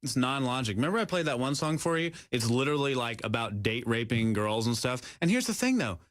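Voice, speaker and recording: A man co-hosting a talk show, animated and laughing often, with mocking asides. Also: mid-range voice, a little fast, no echo, clean studio sound. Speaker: co-host. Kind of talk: casual political talk.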